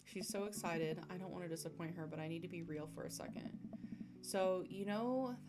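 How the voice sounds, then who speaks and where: A woman's voice: sits low, quick pace, very noisy. A young woman streaming a dating game, reading its dialogue aloud in voices and reacting between lines. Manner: animated, giggly, voices the game characters. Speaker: streamer playing a dating sim. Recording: music playing behind.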